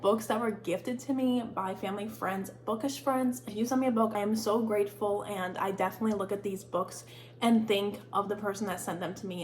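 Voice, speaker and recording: A woman's voice: mid-range voice, fairly even intonation, a little fast. A woman in her twenties chatting casually as a book vlogger, rambling, giggly and self-deprecating, with lots of "like" fillers. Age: 20s. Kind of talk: casual chat.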